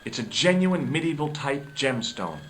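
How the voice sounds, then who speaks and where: An actor playing a wry young adventurer posing as a doctor, asking questions and narrating in a dry tone. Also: male voice, medium pitch, sing-song, moderate pace, slight background noise, natural voice. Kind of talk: video game voice acting.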